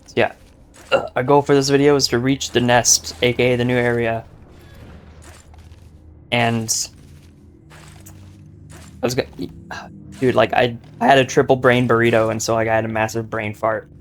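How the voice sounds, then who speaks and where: A man's voice: mid-range voice, little pitch movement, moderate pace, pauses often, a little hiss or hum. A young man giving casual, joking gameplay commentary, boastful and rambling with lots of filler words. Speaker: gaming YouTuber.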